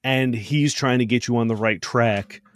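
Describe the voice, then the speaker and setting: A man's voice: medium pitch, moderate pace, no room sound. A man co-hosting a podcast in casual chat, swearing freely and acting out quoted lines. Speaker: podcast co-host.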